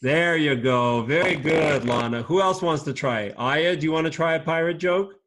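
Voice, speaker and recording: A man teaching a children's class over a video call, patient and encouraging, speaking slowly and clearly. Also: on the high side, fairly bright tone.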